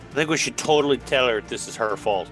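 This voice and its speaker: A man's voice: medium pitch, fast, a bit bright, faint music behind, rough recording. A man playing a tabletop game, playful and joking with the group. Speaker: player. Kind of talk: casual tabletop game play.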